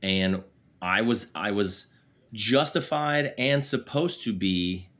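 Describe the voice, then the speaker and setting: A man's voice: fairly low pitch, slow pace, a bit bright. A man in his forties, a podcast guest talking candidly and self-deprecatingly about his parenting, laughing easily and using a lot of fillers. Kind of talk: casual candid conversation.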